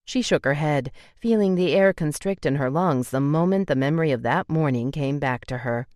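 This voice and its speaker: A woman's voice: low voice, moderate pace, a little mellow, no echo, clean studio sound. A woman narrating a romance audiobook in an emotive way, voicing the tearful heroine's lines with feeling.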